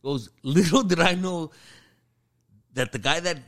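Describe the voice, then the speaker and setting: An army sergeant tells a rowdy, profane story in casual chat. His voice sits a little high for a man, and he throws himself into the quotes he acts out. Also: unhurried.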